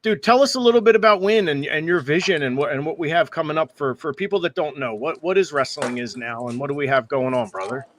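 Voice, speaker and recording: A man hosting a casual podcast chat, animated and swearing casually. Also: on the high side, quick pace, hardly any pauses, a little hiss or hum. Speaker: podcast host.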